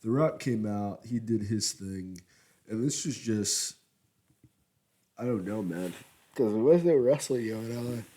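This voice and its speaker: Deep-voiced man rambling about wrestling. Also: measured pace, long pauses, warm tone. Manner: rambling, conversational, yawning. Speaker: wrestling podcast host. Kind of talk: casual commentary.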